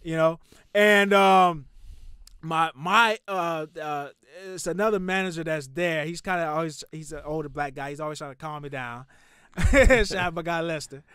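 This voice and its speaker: A man in his thirties tells a story on a podcast, his voice pitched a little high and recorded dry and close. He talks with heat and swears freely, building the tale with animated energy. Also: moderate pace, clear, resonant tone, dry recording. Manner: profane, animated, heated storytelling. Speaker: podcast host telling a story. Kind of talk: casual storytelling.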